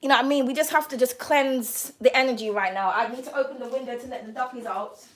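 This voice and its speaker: Woman, high voice, brash tarot reader, blunt and foul-mouthed. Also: fast talker. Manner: blunt, profane, ranting. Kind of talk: livestream chat.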